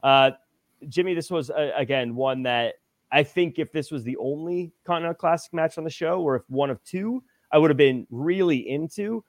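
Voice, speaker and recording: A man's voice: medium pitch, no room sound. A man hosting a casual wrestling review podcast, recapping each match and then tossing questions to his co-hosts. His voice sits in the middle range and comes through dry and close, with no room sound around it. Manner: leads discussion, recaps matches, asks questions. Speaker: podcast host.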